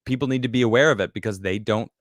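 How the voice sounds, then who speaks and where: A man hosting a casual political talk show, reading viewer comments and joking in an animated, emphatic way. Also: medium pitch, rapid-fire, dry recording, clean studio sound. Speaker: podcast host reading super chats.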